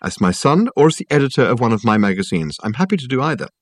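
A man's voice: mid-range voice, big pitch swings, breathy edge, no echo, pitched above the performer's own voice. Brief: male reader doing a poised aristocratic matriarch, sugary yet cutting, dry close sound. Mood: sweetly brisk. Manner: briskly sweet, coolly in control. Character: brisk, sweetly ruthless older aristocratic mother.

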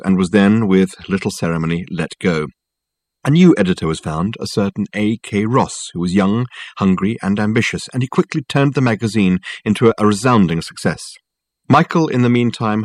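Brief: male audiobook narrator, lowish and animated, wry tone, dead-dry studio sound. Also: no room sound. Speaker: audiobook reader. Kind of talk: scripted narration.

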